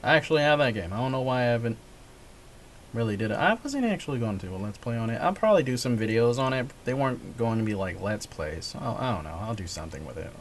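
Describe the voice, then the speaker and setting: A male gaming vlogger rambles through a casual monologue, often stopping to correct himself and chuckle. His pitch swings widely, up and down, as he talks. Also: animated, fast talker, a little hiss or hum.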